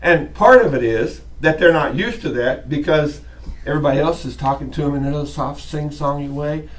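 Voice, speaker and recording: Chatty male lecturer, slightly high voice. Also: a little fast, far from the mic. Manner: chatty, acts out voices while teaching. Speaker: college lecturer. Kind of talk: classroom lecture. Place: classroom.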